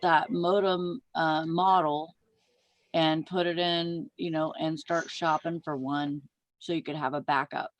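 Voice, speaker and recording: A woman's voice: sits low, steady tone, unhurried, no echo. Woman, chatty and rambling, dry close sound. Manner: chatty, explains in a meandering way. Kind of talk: casual chat.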